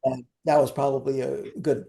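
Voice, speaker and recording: A man's voice: mid-range voice, level tone, normal speed, gravelly, dark tone. An older man, a guest in an interview, telling wry, rambling anecdotes with frequent restarts.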